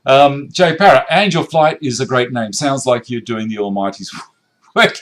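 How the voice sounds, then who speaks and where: A man's voice: medium pitch, normal speed, fairly bright tone. A middle-aged Australian man hosting a woodworking live stream in his home workshop, chatting and joking as he reads out viewer comments. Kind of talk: casual live-stream chat.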